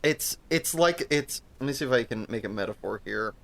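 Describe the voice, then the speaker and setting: A man's voice: medium pitch, expressive, a little fast, gravelly, fairly bright tone. Rambling, cursing man in casual chat. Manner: rambling, profane, restarts often. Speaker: podcast co-host.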